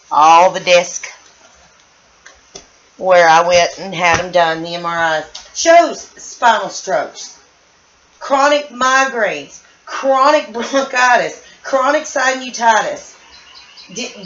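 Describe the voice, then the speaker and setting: The recording has its highs cut off and a little hiss or hum. A woman from the United States, voice mid-range and slightly bright, rants angrily in a personal vlog from a room at home, stumbling, repeating herself and sounding a bit loopy as she vents.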